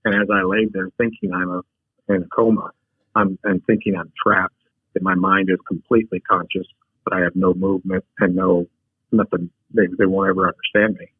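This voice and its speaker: A man's voice: sits low, fairly quick, vocal fry, slightly rough, no room sound. A man telling a frank personal story as a podcast guest, a take-charge talker who often restarts his sentences. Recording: tinny phone-like line.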